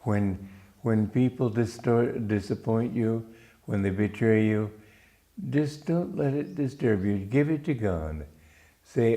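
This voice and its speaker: A man from Romania, a spiritual teacher giving a gentle, unhurried reflective talk with small restarts. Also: lowish voice.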